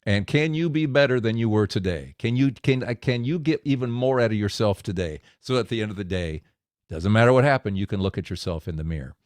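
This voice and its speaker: A man giving a devotional message for men, storytelling with lively acted-out quotes. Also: fairly low pitch, a little fast, dry recording, studio quality. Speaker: speaker of a men's devotional.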